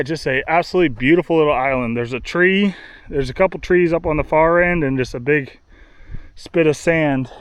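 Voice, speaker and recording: A man's voice: medium pitch, smooth, no echo. A man casually narrating his kayak trip outdoors, easygoing and rambling with fillers. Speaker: kayaking vlogger. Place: outdoors on a river island and kayak. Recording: faint outdoor noise.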